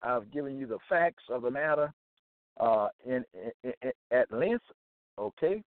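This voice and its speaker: A man's voice: mid-range voice, lively intonation, unhurried. A man hosting a religious broadcast, preaching on Bible passages in an emphatic, repetitive way and checking in with "okay?". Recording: tinny phone-line sound, dry.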